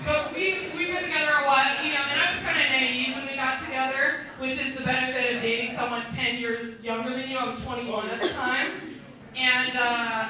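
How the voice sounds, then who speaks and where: A woman's voice: high-pitched, pushed and bright. A woman in her thirties performing a stand-up comedy set on a club stage, delivering brash, crude, self-mocking punchlines. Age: 30s. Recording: echoey club room, mic from far off. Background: audience laughter.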